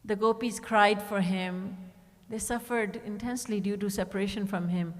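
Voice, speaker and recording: A woman's voice: mid-range voice, fairly even intonation, normal speed, in a large hall. Woman giving a devotional discourse. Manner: storytelling, quoting characters with shifts in tone. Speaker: spiritual teacher. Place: retreat hall.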